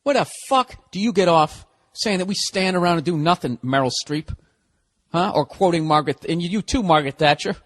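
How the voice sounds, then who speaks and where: A man's voice: fairly high pitch, brisk. A man hosting a comedy podcast, delivering a casual monologue of profane, exasperated ranting.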